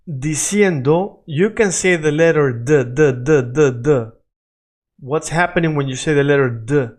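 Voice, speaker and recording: A man from Latin America teaching Spanish pronunciation in an improvised lesson, drawing out and repeating sounds so the learner can copy them. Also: on the high side.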